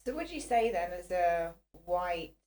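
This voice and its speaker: A woman hosting a podcast, asking quiet, probing interview questions. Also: fairly low pitch, very animated, unhurried, slight background noise. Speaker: podcast host. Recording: voice distant from the mic.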